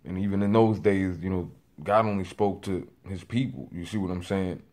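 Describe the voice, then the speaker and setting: Low-voiced young man with a rambling testimony. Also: steady tone, normal speed. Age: 20s. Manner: rambling, with many fillers and restarts; says he is a loud talker working on voice control. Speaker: vlogger. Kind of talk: personal testimony.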